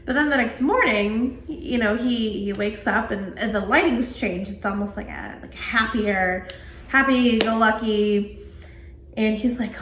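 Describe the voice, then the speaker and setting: A woman co-hosting a casual horror podcast, retelling movie scenes in an animated way. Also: a little high, a little slow. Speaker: podcast co-host. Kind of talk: casual movie review chat. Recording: roomy echo, faint background noise.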